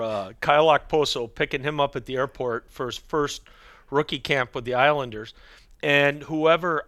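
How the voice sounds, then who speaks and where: A middle-aged hockey equipment manager, a guest on a podcast, tells rambling stories in casual chat, lowering his voice whenever he quotes someone. His mid-range voice is a bit bright, and the recording is dry.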